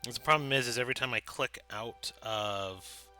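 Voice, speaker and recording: A man's voice: medium pitch, moderate pace, sharp tone, faint music behind. A man acting as game master on a livestream, chatting casually while sorting out his setup. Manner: laid-back, chatty, fiddling with the stream setup.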